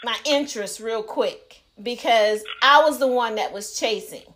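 A woman's voice: on the high side, unhurried, fairly bright tone. A woman co-hosting a podcast, telling a story in blunt, profane casual chat. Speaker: podcast co-host.

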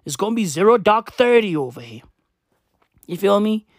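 A woman's voice: medium pitch, sing-song, moderate pace, no room sound, clean studio sound. Swearing South African woman in her twenties. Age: 20s. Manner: swearing, exasperated, repeats questions. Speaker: vlogger. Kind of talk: profane ranting monologue.

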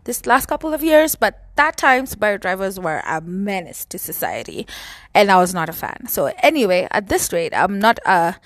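A woman telling a story to her viewers in a casual, animated and profane way. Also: mid-range voice, moderate pace, no room sound. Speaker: vlogger. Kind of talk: storytime monologue.

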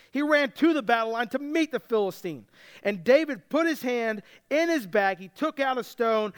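A man preaching a sermon, retelling a story with lively, casual character voices. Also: extremely high pitch, smooth. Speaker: pastor.

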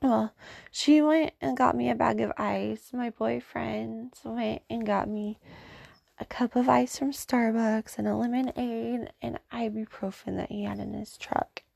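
Thirties woman rambling through a story on her podcast, kinda high voice with a gravelly edge. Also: fairly even intonation, unhurried, a little mellow, no room sound, clean studio sound. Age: 30s. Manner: rambling, talks through her thoughts with many "like"s. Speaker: podcast host. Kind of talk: casual storytelling monologue.

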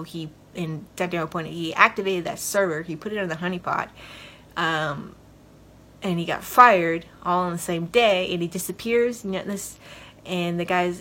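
Low-voiced woman recapping a TV episode. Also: fairly bright tone, a little hiss or hum. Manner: rambling, retells scenes with lots of fillers. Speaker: podcast host.

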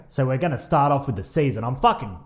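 A man's voice: medium pitch, expressive, brisk. Ranting Australian man on a podcast. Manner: ranting, swears freely. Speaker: podcast co-host. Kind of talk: casual footy podcast chat.

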